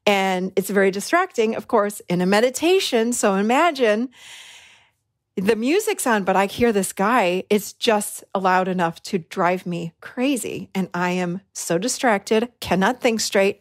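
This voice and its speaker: A woman hosting a podcast, telling a personal story in an animated way and acting out the voices she quotes. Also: medium pitch, no room sound, studio quality. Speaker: podcast host. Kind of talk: storytelling monologue.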